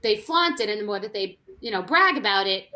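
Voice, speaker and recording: This woman once appeared on a reality show, and here she's casually dishing gossip, wandering off into asides and starting over often. She speaks fairly quickly at a medium pitch, with lively intonation and a bright, forceful tone, and there's a little hiss or hum in the recording.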